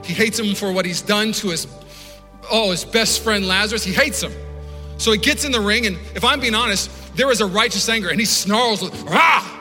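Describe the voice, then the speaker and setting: A male pastor preaching a passionate sermon that builds to snarls and shouts. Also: high voice, brisk. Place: church sanctuary. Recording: church hall reverb with faint music.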